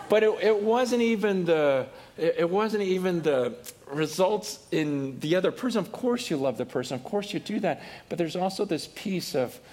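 A man's voice: sits high, expressive, normal speed, darkish tone, a little hiss or hum. A man preaching a sermon in a conversational way, often repeating and restarting words as he explains. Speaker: pastor.

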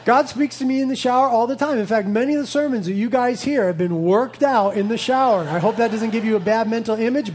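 A man's voice: very high-pitched, quick pace, hardly any pauses, darkish tone, slight background noise. Guy preaching, tells stories, jokes a bit then gets serious. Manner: storytelling, playful asides then earnest. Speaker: pastor. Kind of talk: sermon.

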